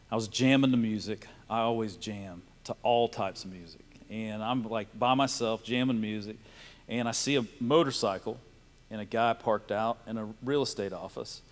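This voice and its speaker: A man, telling a personal faith story to a live audience in a storytelling way. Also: medium pitch. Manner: storytelling, laughing and tearful in places. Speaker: speaker sharing a testimony. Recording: reverberant hall.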